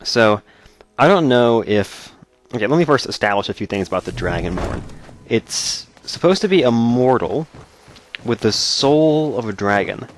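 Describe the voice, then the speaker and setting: Laughing often, this let's play host keeps up joking, sarcastic commentary on his gameplay. He speaks at normal speed in an expressive, medium-pitched voice.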